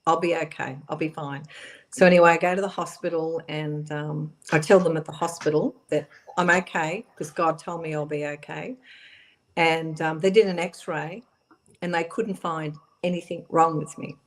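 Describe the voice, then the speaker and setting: A middle-aged woman recounts her own story for a radio interview. Her voice sits a little low, and she talks haltingly, often restarting and filling pauses. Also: fairly even intonation. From Australia. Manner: halting, many fillers and restarts. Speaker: guest.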